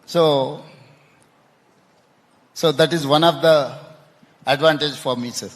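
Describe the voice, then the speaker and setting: A man answering interview questions on stage, halting and repeating words, often ending with "no?". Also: fairly high pitch, fairly even intonation. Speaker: chief minister interviewed on stage. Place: conference hall stage. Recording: long hall reverb.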